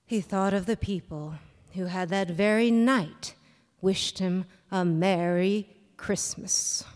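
A woman giving an expressive live reading of a short story on a hall stage. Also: medium pitch, slow pace. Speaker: reader.

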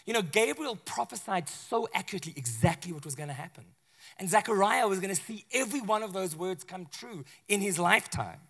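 A man preaching as pastor speaks fairly quickly, his voice high and bright. He keeps things conversational and animated with the congregation, regularly acting out the figures from his narrative.

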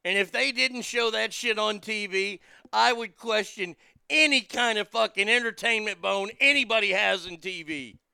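Brash, profane man with a bright gravelly voice. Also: high voice, moderate pace, no echo. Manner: brash, profane, laughing at his own jokes; reads news items aloud and riffs on them. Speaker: talk show host. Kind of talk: casual political commentary.

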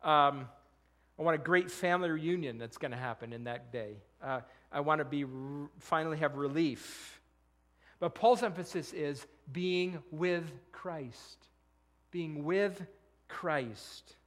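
Middle-aged male pastor, high voice, earnest sermon delivery with rhetorical questions. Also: unhurried, fairly bright tone. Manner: earnest, quotes scripture, asks rhetorical questions.

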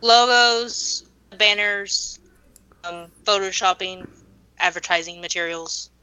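A woman's voice: mid-range voice, slow, bright, forceful tone, clean tone, rough recording. A woman guest on a podcast stream, a designer talking about her art in a matter-of-fact, self-mocking way. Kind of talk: casual chat.

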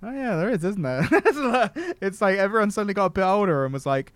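A man's voice: high-pitched, lively intonation, fast, dry recording. A British man co-hosting a podcast in casual chat, laughing easily and self-deprecating. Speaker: podcast co-host, former TV presenter.

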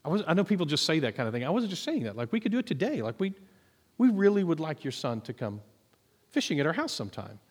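A man's voice: on the high side, big pitch swings, fast. A man quoting a sweet, earnest woman. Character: sweet eager woman, friendly wife.

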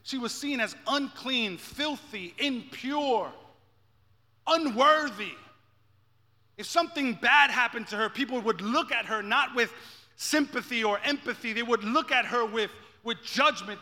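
Male pastor, high bright voice, passionate sermon builder, reverberant church hall. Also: measured pace. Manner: builds from quiet intensity to shouting climaxes, repeats phrases.

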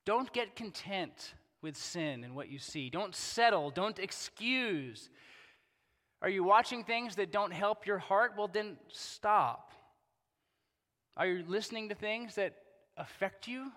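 A male pastor preaching in a loose, conversational way, stacking rhetorical questions. His voice sits a little high and rings bright and forceful. It is heard with the long reverb of a large hall. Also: animated, measured pace. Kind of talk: sermon.

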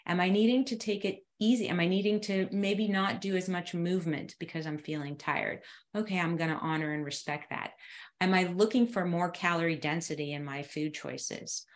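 A woman's voice: on the low side, fairly even intonation, normal speed. A woman, a doctor, talking reflectively on a podcast and posing questions aloud. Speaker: doctor and co-author. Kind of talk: casual podcast conversation.

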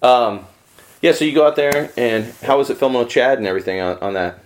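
A man hosting a podcast, chatting casually with laid-back slang and quick affirmations. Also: mid-range voice, animated, poor audio. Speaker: podcast host. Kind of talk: casual chat.

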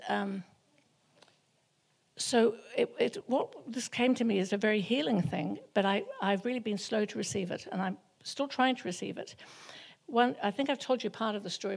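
Woman, earnest and emotional, gravelly, husky voice, testimony to a small group. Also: medium pitch. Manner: earnest and emotional, with halting restarts. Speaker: church member sharing a testimony.

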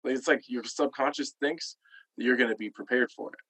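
A man's voice: mid-range voice, a little fast, bright, forceful tone. A man speaking as a guest in casual chat, laid-back and thoughtful.

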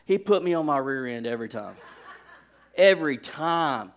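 A man preaching, telling a lively personal story with sound effects and speaking directly to his congregation in a folksy way. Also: a little high, moderate pace. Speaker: pastor.

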